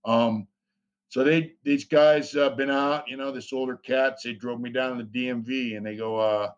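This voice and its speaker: A man's voice: mid-range voice, fairly even intonation, moderate pace, smooth. Guy rambling thru his story, swears a lot, lots of you knows, kinda muffled audio. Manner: rambling, profane, many fillers. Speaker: interview guest. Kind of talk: casual storytelling.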